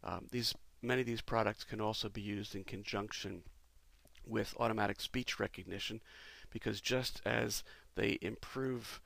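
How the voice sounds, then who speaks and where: A man, a company president, talking through a product demo in a relaxed, explanatory way with frequent pauses. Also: fairly low pitch, gravelly, no room sound. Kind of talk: casual product demo walkthrough.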